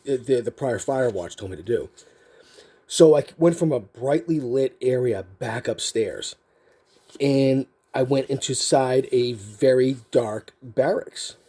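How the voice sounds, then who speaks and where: A man's voice: mid-range voice, mellow, husky. A man telling a story casually as a card video host, rambling with lots of fillers and restarts.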